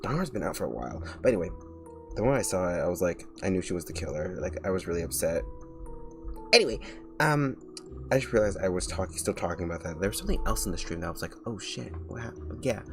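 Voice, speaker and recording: Young male vtuber with a very low voice, chatty and rambling over faint background music. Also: big pitch swings, fast. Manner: rambling, full of filler "like"s and restarts. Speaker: vtuber streamer. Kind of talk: casual chat while drawing on stream.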